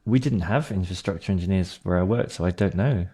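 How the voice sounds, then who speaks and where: A man with a low, mellow voice, chatting as a podcast guest. He speaks in a measured, thoughtful way. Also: husky. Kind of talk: casual conversation.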